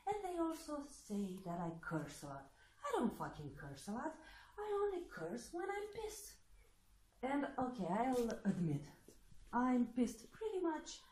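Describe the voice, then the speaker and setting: A woman's voice: mid-range voice, a little mellow. A woman from Eastern Europe talking in a blunt, sarcastic casual monologue, swearing freely as she addresses applicants to her test. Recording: echoey room with faint noise.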